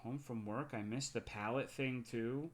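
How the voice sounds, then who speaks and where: A man's voice: medium pitch, measured pace. A young man streaming and chatting casually, telling a story with a lot of swearing. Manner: chatty storytelling, frequent swearing, animated when excited. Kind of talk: casual chat.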